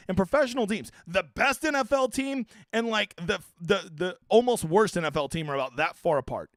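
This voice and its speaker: A high-pitched young man runs a live fantasy football stream, reading chat questions aloud and answering in a loose, animated style with lots of swearing. The recording is dry and cleanly studio-made.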